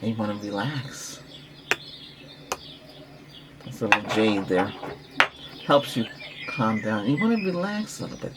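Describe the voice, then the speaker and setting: A man who practices Reiki, giving a rambling relaxation talk with breathing guidance, repeating himself and coaching gently. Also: on the low side, very animated, a little slow, long pauses, very noisy.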